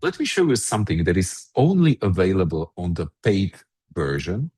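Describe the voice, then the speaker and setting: A man presenting an online workshop, walking through a software demo step by step from a computer mic. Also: low-pitched, very animated, normal speed, slightly rough, dry recording. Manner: explains step by step, with frequent restarts.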